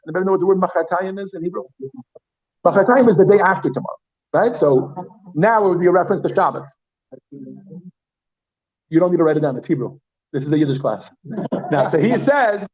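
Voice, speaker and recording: A man teaching an evening class, with a voice a little higher than most men's. He is chatty and repeats new words slowly, often stopping to ask the room questions. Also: darkish tone, breathy edge, poor audio. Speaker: Yiddish teacher. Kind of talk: classroom lesson.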